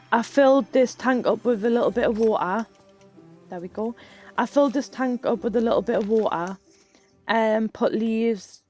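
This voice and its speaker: A woman's voice: mid-range voice, darkish tone. A woman streaming live, telling rambling stories in casual chat while she plays a game and swearing freely. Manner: chatty, rambling storyteller who swears freely.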